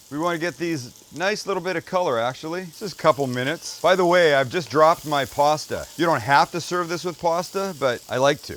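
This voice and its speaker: A man's voice: medium pitch, a bit bright, a little hiss or hum. A man hosting a cooking show, demonstrating a recipe in a casual, joking way full of offhand asides.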